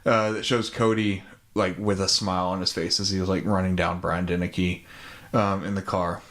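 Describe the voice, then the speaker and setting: Man, low voice, loose profane podcast recap of a movie, lots of ums. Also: level tone, normal speed, fairly bright tone. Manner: laid-back, profane, many ums and likes. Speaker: podcast co-host. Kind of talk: casual chat retelling a film.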